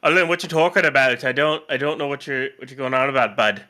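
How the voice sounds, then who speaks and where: A man with a bright, clear tone co-hosts a casual livestream. He talks in a relaxed, rambling way, padding his updates with fillers. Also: medium pitch, quick pace. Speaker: co-host.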